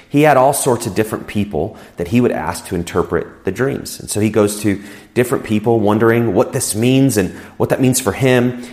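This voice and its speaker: Man preaching in a relaxed, conversational way. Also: on the low side. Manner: relaxed, repeats words while explaining. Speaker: pastor. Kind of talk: conversational sermon.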